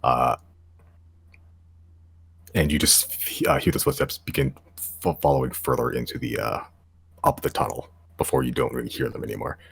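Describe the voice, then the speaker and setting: A man running a tabletop game in a very deep, creaky voice with a husky texture. His narration is casual and hesitant, with many fillers. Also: wildly swooping pitch, normal speed, long pauses. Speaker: game master.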